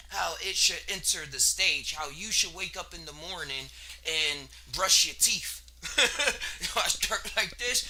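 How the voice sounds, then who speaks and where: This is a casual solo monologue from a podcast host, a man whose voice is high and bright. His musing is relaxed and rambling, full of slang, with laughter breaking up his thoughts.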